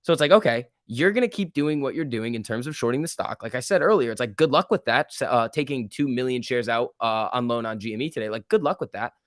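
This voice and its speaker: Guy doing a stock livestream, super animated voice, slangy, chatting w/ viewers, dry close sound. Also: mid-range voice, quick pace, hardly any pauses, dry recording. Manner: animated, talks to chat by name, slangy. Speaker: stock market livestream host. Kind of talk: casual livestream commentary.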